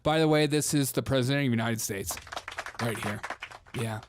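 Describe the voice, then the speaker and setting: A man's voice: mid-range voice, moderate pace, noisy background. A young man hosting a comedic political livestream, joking, laughing often and reading chat comments aloud. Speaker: live stream host. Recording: music playing behind the voice.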